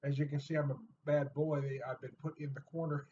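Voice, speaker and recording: A middle-aged man chats his way through a beer review, rambling, joking and laughing at his own asides. His voice sits a touch high for a man. The recording sounds dull and lo-fi, with a faint hiss behind him. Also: little pitch movement, brisk, darkish tone. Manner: jokey, rambling, laughs often at himself. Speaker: beer reviewer and channel host. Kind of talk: casual beer review vlog.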